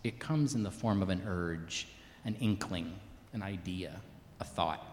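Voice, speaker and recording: A man from the American South with a Southern accent, giving a folksy, gentle children's sermon in a church. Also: low-pitched, unhurried, a little hiss or hum. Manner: folksy and playful, shifting to soft and reflective. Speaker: pastor leading a children's sermon. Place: church sanctuary. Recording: echoey church with long reverb.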